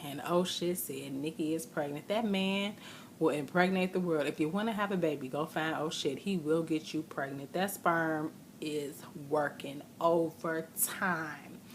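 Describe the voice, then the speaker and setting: A chatty woman with a fairly low voice talks casually through a recap of a show, slipping into what people said. A faint hum sits behind her. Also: a little slow. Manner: chatty, retells scenes with quoted voices. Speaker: vlogger recapping a reality show.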